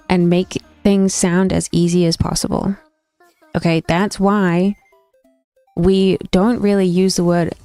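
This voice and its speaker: A woman's voice: lowish voice, mellow, no echo. A young woman streamer chatting casually with her viewers, opinionated and thinking aloud with frequent restarts. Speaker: gaming streamer. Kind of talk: casual chat reacting to stream chat. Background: faint stream background music.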